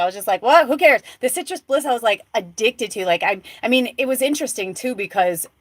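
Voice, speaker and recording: A woman hosting a live spiritual talk show, telling a rambling story full of fillers and restarts, going from hushed soft tones to excited exclamations. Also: mid-range voice, no room sound. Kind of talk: casual live-stream monologue.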